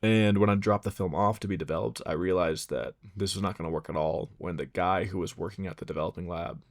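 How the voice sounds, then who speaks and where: Low gravelly young man vlogging. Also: quick pace. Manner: relaxed, self-deprecating, rambling with fillers. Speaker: photography vlogger. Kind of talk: casual vlog narration.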